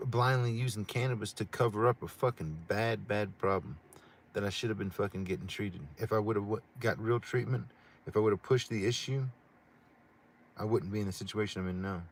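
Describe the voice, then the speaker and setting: A man's voice: on the low side, steady tone, a little fast. Profane rambling middle-aged man. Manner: profane, rambling, many restarts. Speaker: livestream co-host. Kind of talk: casual chat.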